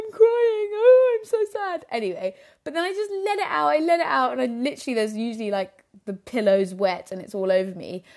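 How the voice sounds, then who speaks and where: A young adult woman hosts her own podcast, speaking into a microphone in a mellow, mid-range voice. Alone on the mic, she talks earnestly and reflectively about parenthood, saying "you know" often.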